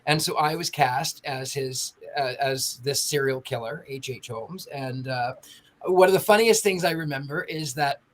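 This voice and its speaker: An animated woman spins a story for a panel of friends. She slips into the voices of the people she quotes and keeps the telling lively. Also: extremely low pitch, unhurried. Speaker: podcast panelist telling an anecdote. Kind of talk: casual storytelling chat.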